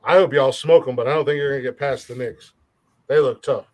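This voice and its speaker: A man's voice: mid-range voice, steady tone, brisk, darkish tone. A man hosting a podcast in casual chat, joking, rambling and swearing a lot. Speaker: podcast host.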